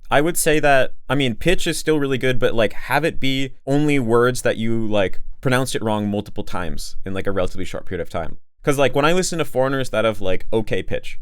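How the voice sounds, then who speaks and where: A man's voice: mid-range voice, animated, fairly quick, hardly any pauses, clear, resonant tone, no room sound. A young man explaining casually, with many fillers and rambling asides. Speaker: language coach answering a question.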